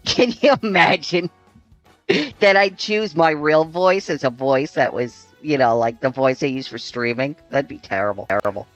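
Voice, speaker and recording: A man's voice: a little high, a little slow, fairly bright tone, no echo, soft background music, low-quality recording. A man in a casual group voice chat, mocking and jokey.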